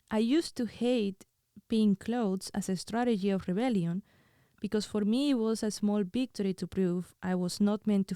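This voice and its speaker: A woman tells a personal story in a soft, halting manner, often stumbling over and repeating words. Her voice is mellow and warm. The recording is dry, with no room echo. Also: mid-range voice. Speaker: podcast host.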